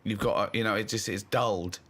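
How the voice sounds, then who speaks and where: A man's voice: fairly even intonation, quick pace, a bit bright. A man on a comedy chat show, teasing his co-host with crude, mocking jokes. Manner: mocking, crude teasing, bursts into high laughter.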